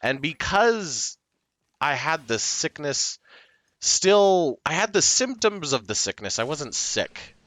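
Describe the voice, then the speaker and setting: A man chats casually to his stream audience in a rambling, self-deprecating way, full of ums and restarts. His voice sits a little low but bright and forward, with a lively rise and fall. The sound is dry and close, with no room around it. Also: dry recording. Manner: breaks into short laughs. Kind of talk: casual chat to stream viewers.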